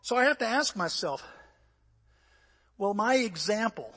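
An older man preaching a sermon, telling stories animatedly and acting out voices and shouts, sounding a little out of breath. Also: high-pitched, animated, measured pace, slightly rough. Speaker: pastor. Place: church. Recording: echoey church hall.

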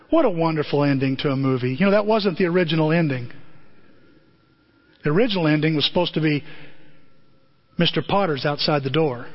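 A man's voice: fairly high pitch, long reverb tail. A male pastor preaching a sermon in a church, telling a story with vivid acted scenes and rhetorical questions. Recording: dull lo-fi sermon recording.

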